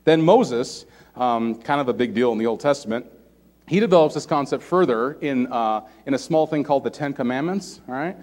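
A man's voice: medium pitch, animated, brisk, a little mellow. Casual-talking male preacher. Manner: conversational, many restarts and "all right?" check-ins. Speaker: pastor. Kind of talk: casual sermon.

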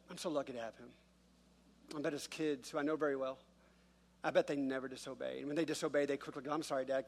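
A man's voice: on the high side, a bit bright, breathy edge. A middle-aged male pastor preaching a sermon in a conversational, self-deprecating way, acting out quoted voices.

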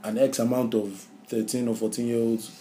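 A man, co-hosting a podcast in casual discussion. He speaks reflectively and haltingly, restarting his phrases. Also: mid-range voice, little pitch movement, mellow, a little hiss or hum. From Nigeria. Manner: reflective, halting, with repeated starts. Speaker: podcast co-host.

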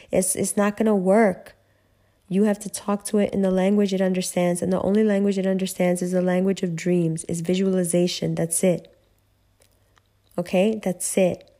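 A woman hosting a podcast, giving a blunt, profane motivational rant with emphatic, rising delivery. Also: mid-range voice. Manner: blunt, emphatic, heavy swearing, rising to shouts. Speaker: podcast host.

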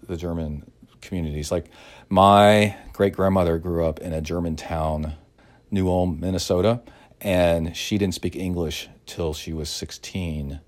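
A man's voice: sits low, a little mellow. A man from Texas hosting a solo podcast, telling a chatty, digressive story full of "like" and "uh". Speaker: podcast host and triathlon coach.

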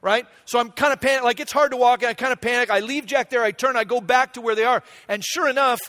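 A man's voice: very high voice, fast talker, bright, forceful tone. A man in his forties preaching a sermon, telling a family story in a conversational way and checking in with the room. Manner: conversational, asks the room "right?". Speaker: pastor.

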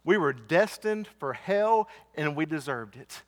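A man with a high voice preaches a sermon, earnest and insistent. He asks his listeners questions and repeats key lines for weight. His voice rings out with a long reverb. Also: animated, a little slow. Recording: church hall reverb.

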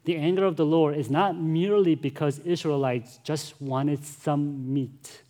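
Male pastor, sermon delivery, earnest and emphatic, somewhat high-pitched. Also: fairly even intonation, measured pace, mellow. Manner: earnest, emphatic, addresses congregation directly.

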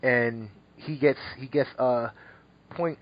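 A man's voice: medium pitch, slow pace. A man co-hosting a podcast, chatting casually and rambling through an album review, laughing often. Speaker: podcast co-host. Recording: dull lo-fi podcast audio.

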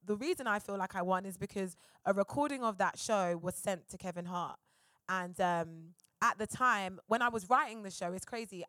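A comedian telling stories as a guest on a live podcast stage, animated and playing out the voices of the people she quotes. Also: medium pitch, no echo, studio quality. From England. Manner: animated storyteller who acts out quotes.

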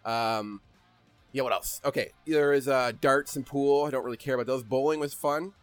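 Animated man rambling about a game. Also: medium pitch, moderate pace, no room sound, soft background music. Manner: animated, rambling, laughs while storytelling. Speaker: podcast host. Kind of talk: casual chat.

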